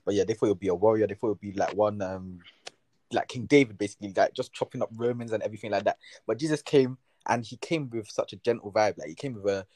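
Fast-talking young man, lots of "like". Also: fairly low pitch, darkish tone, no echo. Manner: fast, filler-heavy talk with many "like"s. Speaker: panel guest. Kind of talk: casual discussion.

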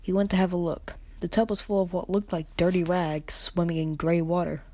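A woman reads a children's novel aloud for her podcast at an unhurried pace. She often stumbles over a word and corrects herself. Her voice is low and mellow, and the recording is dry and close. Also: level tone, dry recording. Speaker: podcast reader. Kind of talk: audiobook reading.

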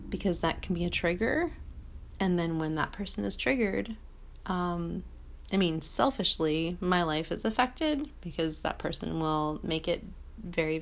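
Chatty woman musing in a rambling way. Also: lowish voice. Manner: rambling, heavy on "like", self-correcting. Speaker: vlogger. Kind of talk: casual reflective monologue. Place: small apartment.

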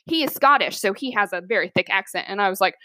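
Talking fast on a dry recording, a woman police officer with a medium-pitched voice recounts a funny story from her job in casual chat. She's animated, laughs often, and acts out the voices of others.

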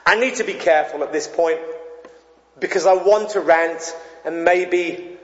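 A man's voice: a little high, unhurried. A man preaching a sermon as a pastor, conversational and given to digressions. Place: church. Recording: echoey hall, dull sound.

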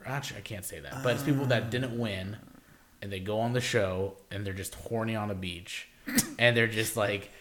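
Rambling, foul-mouthed young man, low voice. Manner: rambling, swears a lot, leans on "like". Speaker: podcast co-host. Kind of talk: casual chat.

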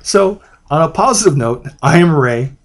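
A man's voice: fairly high pitch, lively intonation. Rambling man reviewing movies. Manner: rambling, halting restarts. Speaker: podcast co-host. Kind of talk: casual movie review chat.

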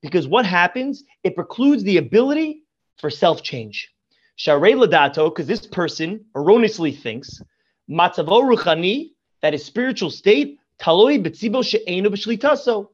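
A man's voice: sits high, sing-song, normal speed, husky, highs cut off. A man, a rabbi guest on a podcast, teaching Torah through storytelling and effusive in his praise. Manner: effusive, repeats praise often.

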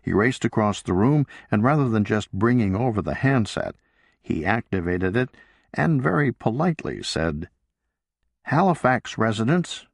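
A man reading a novel aloud as an audiobook narrator, in a measured, deliberate way. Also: lowish voice, lively intonation, vocal fry, no room sound. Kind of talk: scripted narration.

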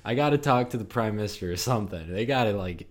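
Brief: relaxed guy, lowish voice, rambling podcast chatter. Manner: laid-back, rambling, drawn-out filler words. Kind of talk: casual chat.

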